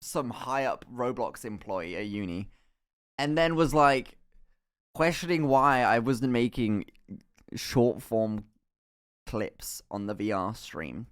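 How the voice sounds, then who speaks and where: A young man streaming from home, telling a story in a casual, animated way, full of laughs, swearing and acted-out quotes. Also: mid-range voice, slow, clean tone. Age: young adult.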